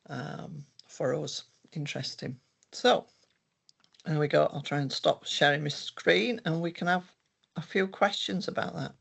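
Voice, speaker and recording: A man's voice: on the high side, creaky, fairly bright tone, slightly rough. An older man giving a conversational presentation of his research, rambling with frequent restarts. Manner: meandering, many restarts. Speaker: researcher presenting their work.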